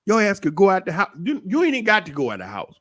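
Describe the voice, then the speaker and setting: A middle-aged man with holds forth in a loose, preachy monologue. His fairly high voice swings widely up and down as he swears freely and speaks without pause. The recording is dry and close, with no room sound. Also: huge pitch swings, a bit bright, dry recording. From United States. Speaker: commentator. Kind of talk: casual monologue.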